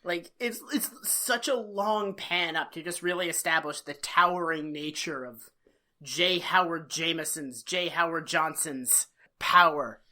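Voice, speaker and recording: Bright-voiced woman podcaster, profane and animated. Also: sits low. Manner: profane, animated recapping with quick impressions. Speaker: podcast co-host. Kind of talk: casual podcast chat.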